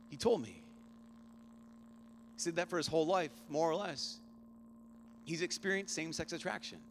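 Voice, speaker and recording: A man in his thirties, a priest, giving a youth conference keynote, telling a personal story earnestly, often hushed and rising with feeling. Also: high-pitched, a little hiss or hum.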